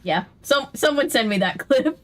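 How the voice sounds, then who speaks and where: Chatty woman streamer, fairly high voice. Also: lively intonation, fairly bright tone. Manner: quick, incredulous reactions. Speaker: host. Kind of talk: casual gaming chat with a friend.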